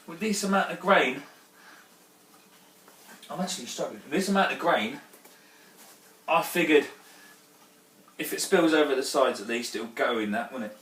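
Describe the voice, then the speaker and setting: A man's voice: a little high, a bit bright. A man chatting casually and swearing as he works through a home brew day, talking straight to his viewers. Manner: chatty, sweary, prone to exclamations. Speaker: home brewer. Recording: roomy, distant mic, faint background noise.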